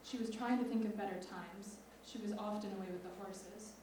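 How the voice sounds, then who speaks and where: A teenage girl reading her own lyric essay aloud on stage in a measured, expressive way. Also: mid-range voice, noisy background. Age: teens. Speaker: student writer. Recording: echoey hall from far off.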